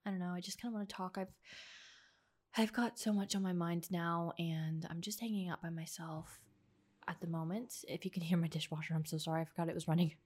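Young woman, halting emotional podcast. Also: fairly low pitch, steady tone, darkish tone. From United States. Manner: halting, emotional, many restarts and sighs. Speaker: podcast host. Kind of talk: personal confessional podcast. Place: home, alone.

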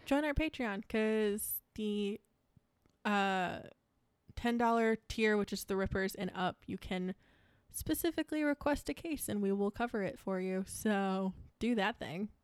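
A woman's voice: mid-range voice, measured pace, clear, resonant tone, no echo, clean studio sound. Blunt swearing woman podcast co-host. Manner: blunt, swears a lot, exasperated. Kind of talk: casual true-crime podcast chat.

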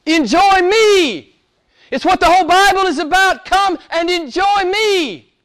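A man preaching a sermon and praying to a live congregation, earnest, slowing down and stretching key words for emphasis. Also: extremely high pitch, lively intonation, fairly bright tone.

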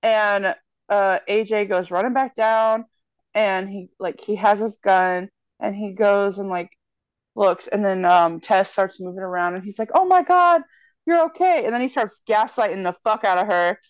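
A woman tells a film's plot in casual conversation, swearing freely and slipping into the characters' lines as she goes. The sound is dry and close. Her pitch sits in an ordinary middle range. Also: moderate pace, clean tone, dry recording. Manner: profane, animated storytelling with quoted voices. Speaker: podcast co-host recapping a film. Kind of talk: casual chat.

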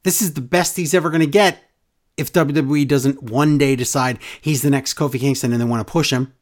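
A brisk, medium-pitched man hosts a podcast full of casual, opinionated talk. Animated and mocking, he acts out the wrestlers he quotes using exaggerated voices.

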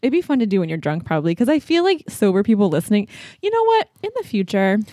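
A woman's voice: mid-range voice, sing-song, quick pace, warm tone, dry recording. A woman co-hosts a casual podcast, telling bawdy stories in a playful voice. She laughs often. Her voice sounds dry and close. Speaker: podcast co-host. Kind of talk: casual chat.

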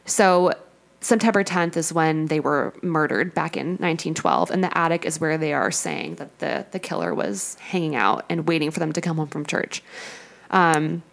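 A woman's voice: deep voice, lively intonation, normal speed, vocal fry. A young woman co-hosting a casual paranormal podcast who reads case notes aloud and then chats about them. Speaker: podcast co-host.

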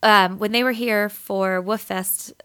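A woman's voice: mid-range voice, fairly even intonation, takes it slowly, bright, forceful tone, smooth. A woman co-hosting a podcast in casual chat, laughing often and rambling, a bit short of breath after an infection. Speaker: podcast co-host.

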